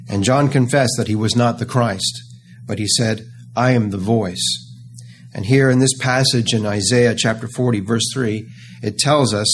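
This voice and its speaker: A man preaching a sermon, earnest and emphatic, slowing down to stress key phrases. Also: mid-range voice, slight background noise.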